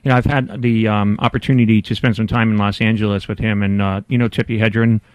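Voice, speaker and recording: A man's voice: on the low side, level tone, quick pace, clean tone, dry recording. A man hosting a pet radio show, chatting casually and laughing easily.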